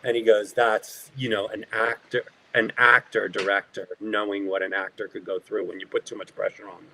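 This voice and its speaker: A man, an actor as an interview guest, telling animated behind-the-scenes stories and acting out the people in them. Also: fairly low pitch, normal speed, poor audio. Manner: animated anecdotes, acting out quoted voices. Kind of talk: casual storytelling.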